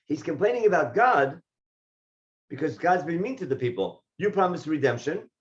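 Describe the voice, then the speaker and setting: A man teaching a Torah class, reading Hebrew verses and explaining them in English, and getting lively when he voices the figures in the text. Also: on the high side, normal speed, highs cut off. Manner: animated when voicing the speakers in the text. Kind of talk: text study lesson.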